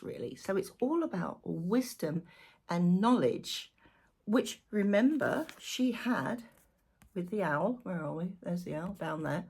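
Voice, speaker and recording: A woman talks through a tarot spread in a loose, chatty way, thinking aloud as she points out details on the cards. Her voice is fairly low, gravelly and a little husky. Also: darkish tone. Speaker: tarot reader. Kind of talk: casual weekly tarot reading.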